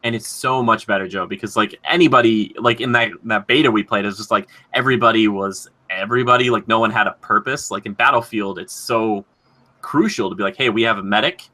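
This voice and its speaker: A young man with a fairly low but bright, forceful voice co-hosts a casual podcast chat. He rambles with enthusiasm and fills his sentences with "like." His tone sounds eager and conversational. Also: brisk. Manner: rambling, enthusiastic, heavy use of "like". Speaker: podcast co-host.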